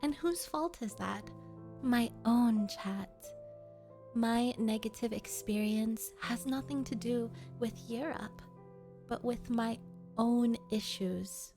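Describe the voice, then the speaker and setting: A woman's voice: on the high side, slow pace, mellow, faint music behind. A woman VTuber streamer chatting casually with her viewers, playful and teasing as she coddles them. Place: home streaming setup.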